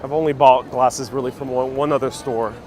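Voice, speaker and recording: A man's voice: medium pitch, fairly even intonation, fairly quick, darkish tone, slight background noise. A man hosting a casual walking livestream outdoors in a city, chatting upbeat and reading viewer comments aloud, laughing often. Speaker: travel livestream host.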